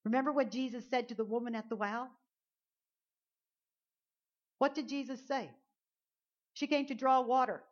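A woman with a fairly high voice preaches in an earnest, chatty way, restarting phrases as she drives her point home. The recording is dull and lo-fi, as if taped at a church service. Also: fairly even intonation, normal speed, pauses often. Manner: earnest, conversational, repeats words while building a point. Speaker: pastor. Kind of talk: sermon. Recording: dull lo-fi sound.

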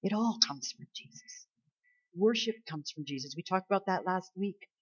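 A woman's voice: fairly low pitch, expressive, moderate pace, breathy edge. A woman pastor from Canada preaching a sermon, emphatic and full of rhetorical questions. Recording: slightly dull lo-fi sound.

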